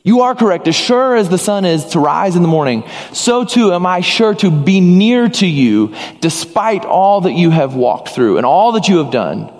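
High-voiced preacher in a echoing hall. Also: male voice, very animated, normal speed, hardly any pauses, a little mellow. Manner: earnest preaching, acting out little dialogues. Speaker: pastor. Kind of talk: sermon.

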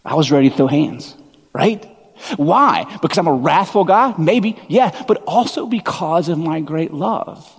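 A man in his thirties preaching a sermon, telling stories in a conversational, animated way with quick asides. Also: a little high, slightly rough. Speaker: pastor. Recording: long hall reverb.

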